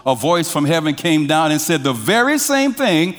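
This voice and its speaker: A man preaching a sermon as pastor. He drops to hushed lines, rises to emphatic ones, and has the congregation finish his sentences. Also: on the high side, big pitch swings, normal speed, few pauses. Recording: long hall reverb.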